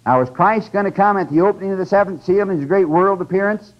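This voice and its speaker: A man's voice: high-pitched, fast talker. An older man giving a conversational, emphatic religious lecture, with teaching asides to his audience. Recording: dull lo-fi lecture tape.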